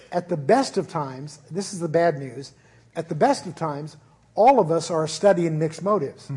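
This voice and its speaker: Pastor, man, earnest informal sermon talk, often restarting, high husky voice. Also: darkish tone. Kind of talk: conversational sermon. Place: church service.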